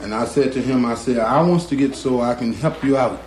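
A middle-aged man, a guitarist, telling a story slowly and drawling, acting out the voices of the people in it. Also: medium pitch, darkish tone. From North Carolina. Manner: slow, drawling, acts out quoted voices. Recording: roomy echo, guitar behind.

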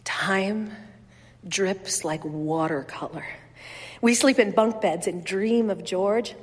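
A woman reading first-person literary fiction aloud in a measured, wistful, softly expressive way. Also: medium pitch, slightly rough, in a large hall. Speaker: reader.

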